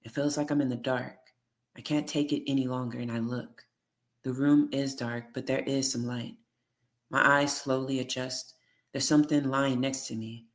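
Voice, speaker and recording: An audiobook reader reading a first-person memoir in a steady, measured way. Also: mid-range voice.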